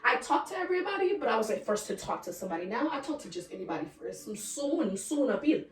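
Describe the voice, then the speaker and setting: A woman's voice: a little high, sing-song, fast, recorded from a distance. Young woman, casual storytime, frank, chatty, swears, talks to viewers, set back from the mic, roomy echo. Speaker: vlogger.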